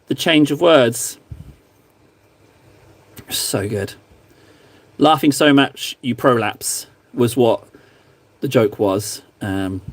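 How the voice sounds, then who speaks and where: An Englishman hosting a casual livestream while painting miniatures at home. He rambles, jokes about himself, and chats with his viewers into a close streaming microphone. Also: medium pitch. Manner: rambling, self-deprecating, joking.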